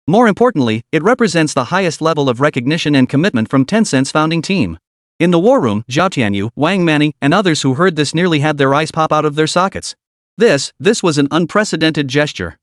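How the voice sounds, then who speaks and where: Dry, fairly high-voiced male narrator. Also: no echo. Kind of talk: scripted story recap narration.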